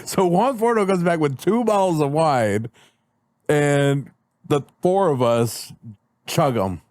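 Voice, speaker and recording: A man's voice: on the high side, animated, slow, darkish tone, no room sound, studio quality. A man on a podcast as a guest, laughing often while he tells a story in casual chat.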